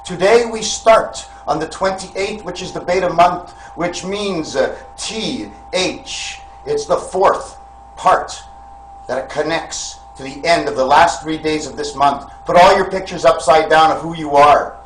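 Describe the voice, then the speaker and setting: A man's voice: fairly high pitch, unhurried, slight background noise, rough recording. A man delivering a rambling spiritual monologue to camera, preachy and full of rhetorical questions, calling his listeners friends. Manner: wandering, addresses listeners as friends. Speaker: vlogger.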